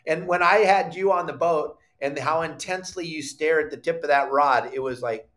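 A middle-aged man hosting a live fishing podcast, telling a story with lively acted-out quotes and bursts of shouting. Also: on the high side, moderate pace. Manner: animated storyteller, acts out quotes, shouts when excited. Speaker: podcast host.

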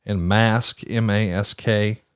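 Forties guy cohosting, lowish voice, dry close mic, reels off names eagerly. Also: steady tone, slow, clean tone, no room sound. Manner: enthusiastic, fact-listing. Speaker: podcast co-host. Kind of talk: casual chat.

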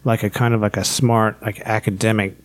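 A man who raises pigs, chatting loosely on a podcast and filling pauses with "like" and "um". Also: fairly low pitch, little pitch movement, no room sound. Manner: rambling, hesitant, many fillers. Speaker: podcast guest, pig farmer. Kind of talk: casual podcast chat.

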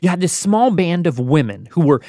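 A man narrates a radio history documentary with a slightly raised pitch. His storytelling is lively and engaged. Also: normal speed, no echo, clean studio sound. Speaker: producer and narrator.

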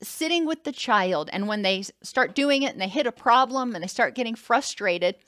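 A woman's voice: fairly high pitch, expressive, moderate pace, a bit bright, no room sound, studio quality. A woman giving an educational talk on child attachment, explaining steadily and acting out what a caregiver might say. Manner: explanatory, acts out caregiver quotes, some restarts.

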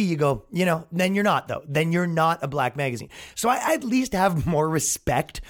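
A podcast host talking in a sarcastic, mocking way, delivering comedic commentary. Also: male voice, fairly high pitch, sing-song, brisk, hardly any pauses.

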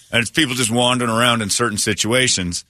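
A man's voice: mid-range voice, pushed and bright, no echo, studio quality. A man hosting a morning radio show, animatedly retelling a story with quoted voices and many restarts. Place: radio studio. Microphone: studio microphone.

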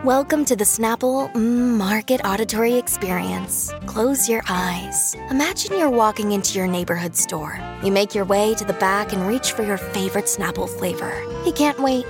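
A woman reading a scripted radio ad in a calm, guiding manner. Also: medium pitch, normal speed, few pauses, music in the background. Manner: soothing, guided. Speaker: ad narrator. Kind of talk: scripted ad narration.

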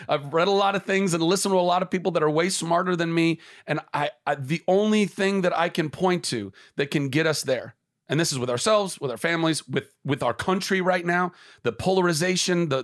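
Impassioned high-voiced man. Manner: earnest and impassioned, swears freely, drops into whispers. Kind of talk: casual conversation.

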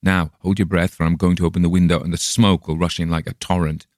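A man's voice: sits low, little pitch movement, fast, a little mellow, no echo, clean studio sound, close to an everyday voice. A man reading an audiobook voices a companion who wakes from a stupor and turns urgent, in a raised, strained voice. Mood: grim. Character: German traveller, delirious then urgent and defiant.

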